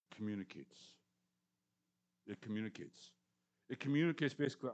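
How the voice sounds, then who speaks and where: A man in his sixties preaching a conversational sermon, repeating words for emphasis and swinging between loud and hushed lines. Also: on the low side, unhurried, long pauses. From Canadian or US prairies. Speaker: pastor.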